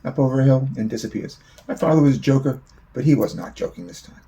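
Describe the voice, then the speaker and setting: A man's voice: mid-range voice, quick pace, mellow, lo-fi sound. A man telling a long, rambling personal story in a casual spoken way, swearing freely.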